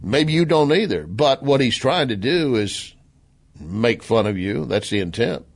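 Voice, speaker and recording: A Southern-accented man hosts a talk radio show in a sarcastic, animated monologue. His voice sits in a middle pitch, and he slips into mocking voices as he retells quotes. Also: a little slow, creaky. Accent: Southern American. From American South. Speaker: radio commentary host.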